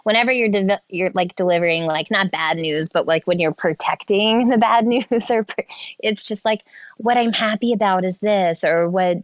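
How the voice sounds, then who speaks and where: A woman in her thirties, a healthcare worker and mother, talking casually with halting restarts and light laughs. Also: mid-range voice, no room sound, muffled recording. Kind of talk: casual conversation.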